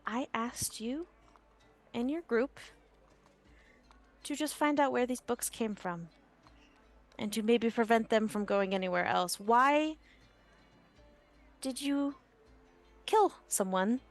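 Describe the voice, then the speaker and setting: A woman voicing a stern female sage who scolds the party in a measured, reproachful way. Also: on the high side, faint music behind.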